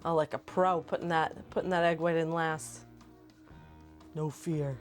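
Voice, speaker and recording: Playful low-voiced woman co-host. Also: steady tone, faint music behind. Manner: playful, teasing and quick to laugh. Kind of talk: casual banter.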